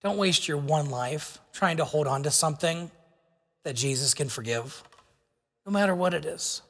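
A man preaching a sermon as pastor, earnest and slowing down to stress key words. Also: fairly high pitch, fairly bright tone. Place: church sanctuary. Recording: long reverb of a church hall.

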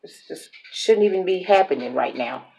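A woman's voice: lowish voice, animated, moderate pace, warm tone. A woman chatting casually to the camera as she grills a burger, talking herself through each step and laughing at her own slips. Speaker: mukbang cooking vlogger. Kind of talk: casual cooking chat to camera. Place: home kitchen with grill.

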